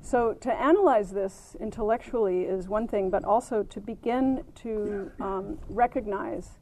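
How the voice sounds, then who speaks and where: At a retreat center, a woman meditation teacher gives a gentle, unhurried dharma talk, with many ums and light laughter at her own stories. Her voice is mid-range, and the poor audio carries a little hiss or hum.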